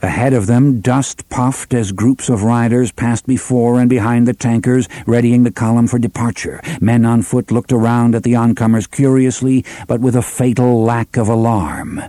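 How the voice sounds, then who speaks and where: A man narrating a novel in a steady, measured audiobook reading. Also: mid-range voice, no echo.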